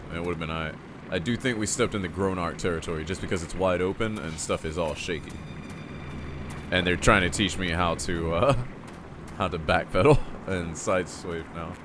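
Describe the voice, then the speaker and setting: A man casually commenting while he plays a video game and chats with his viewers, a bit stuffy-nosed, with sudden loud excited outbursts. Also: sits low, noisy background. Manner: chatty, talks to chat, loud excited outbursts. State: stuffy nose. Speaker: game streamer. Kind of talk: casual let's-play commentary.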